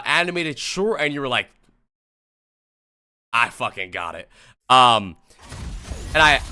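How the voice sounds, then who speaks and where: A man's voice: a little high, sharp tone. A young man from the US East Coast reviewing gameplay on a live stream, talking to chat in a blunt, profane and casual way. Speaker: streamer and coach.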